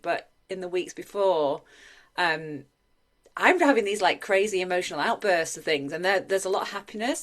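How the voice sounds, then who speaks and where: Woman, co-host, very low voice, emotional, halting restarts. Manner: openly emotional, stumbling restarts. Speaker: podcast co-host. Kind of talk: casual conversational chat.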